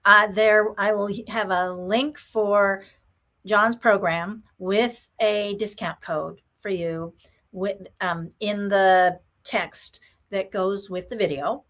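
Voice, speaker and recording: Slow-speaking woman host. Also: medium pitch, fairly even intonation, fairly bright tone. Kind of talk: interview sign-off.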